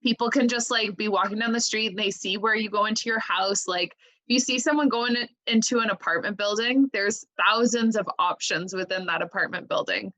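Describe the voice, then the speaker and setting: A woman's voice: medium pitch, brisk, bright, forceful tone, poor audio. A young woman co-hosting a podcast, chatting casually and filling her talk with "like" and "you know". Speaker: podcast co-host. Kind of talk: casual chat.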